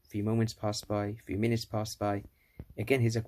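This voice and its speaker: A man's voice: fairly low pitch, completely flat delivery, moderate pace, a little mellow. A man telling an old fable in a casual, rambling way, correcting himself as he goes. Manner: rambling, with restarts and self-corrections. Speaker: storyteller. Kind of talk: casual storytelling.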